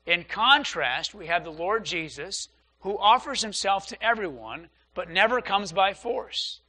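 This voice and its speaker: A man's voice: sits high, expressive, unhurried, pushed and bright. A man, a pastor, preaching an earnest Sunday sermon and repeating phrases for emphasis. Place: church.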